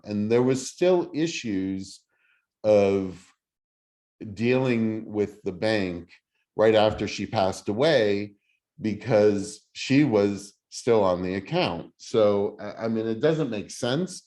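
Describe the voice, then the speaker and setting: A middle-aged man teaching a real estate class in a casual, halting way, with many fillers and restarts. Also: fairly low pitch, darkish tone. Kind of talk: casual teaching over video call.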